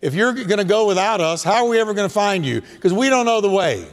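A man's voice: high-pitched, expressive, fast. A preacher voicing a confused male disciple who keeps asking questions, in a reverberant hall. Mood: puzzled. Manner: pleading, puzzled questions.

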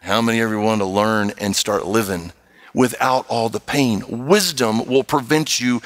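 A man's voice: fairly low pitch, normal speed, rough recording. A man preaching a sermon, reading scripture aloud and acting out the people he quotes. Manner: animated, acts out quoted voices.

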